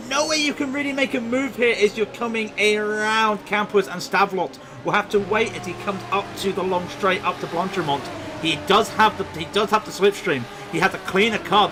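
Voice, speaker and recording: A man doing excitable live commentary on a sim race, shouting when cars crash. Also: sits high, noisy background.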